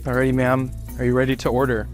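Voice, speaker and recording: A man's voice: mid-range voice, monotone, quick pace, faint music behind, natural voice. A man playing a condescending, sarcastic restaurant host in a comedy skit. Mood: snide. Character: smug rude male restaurant host. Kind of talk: skit acting.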